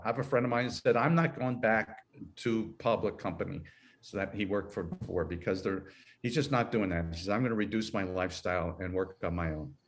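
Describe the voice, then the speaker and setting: A man in his sixties, an HR consultant, talking through his career in a rambling, self-correcting way and laughing easily. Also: mid-range voice. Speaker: guest, HR consultant. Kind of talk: conversational interview.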